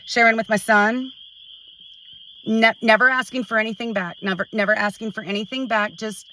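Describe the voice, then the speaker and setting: A middle-aged woman venting to a phone camera at home, frustrated and halting, restarting her sentences often. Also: on the high side, fairly even intonation, pushed and bright, far from the mic, slight background noise, low-quality recording. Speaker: vlogger. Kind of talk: emotional personal vent to camera.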